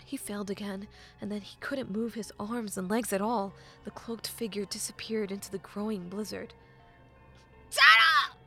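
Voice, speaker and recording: A woman narrates a novel in an audiobook. Her voice has a gravelly, creaky edge, and her delivery is measured, often sinking to a hushed half-whisper. Faint music plays underneath. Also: mid-range voice, steady tone.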